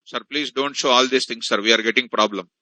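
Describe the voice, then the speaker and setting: A man's voice: medium pitch, fairly even intonation, brisk, bright, forceful tone, no room sound, voice pushed down, low-quality recording. A male teacher briefly voicing a complaining student who pleads with him. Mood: pleading.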